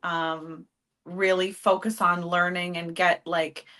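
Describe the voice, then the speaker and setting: A woman's voice: fairly low pitch, flat delivery, slow pace, bright, forceful tone. A woman guest on an interview podcast, talking in a chatty way with frequent laughs and restarts. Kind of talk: casual interview chat.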